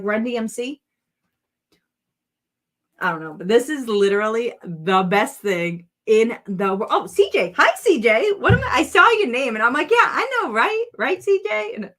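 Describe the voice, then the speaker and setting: A woman's voice: a little high, a bit bright. Chatty rambling woman crafting host. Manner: chatty, rambling, playful with viewers. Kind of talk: casual livestream chat.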